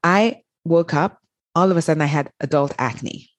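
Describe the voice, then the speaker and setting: This middle-aged woman has a deep voice, speaks at normal speed, and there's no room sound. An author on as an interview guest, she tells personal stories in a candid, conversational way, animatedly acting out the dialogue.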